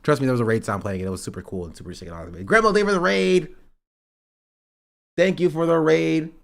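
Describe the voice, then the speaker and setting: A male streamer reacting live to gaming drama, excitable, laughing and self-mocking. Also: a little high, fast, creaky.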